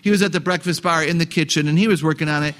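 A man's voice: fairly high pitch, very fast, a bit bright. A man giving a live talk to parents, joking and asking the audience questions. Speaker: parenting seminar speaker.

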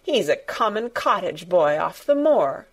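A woman's voice: sing-song, unhurried, heavily acted. A woman voicing a spoiled, sickly boy who is petulant and imperious, with a sulky, sneering manner. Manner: sulky, sneering, shrill when angry.

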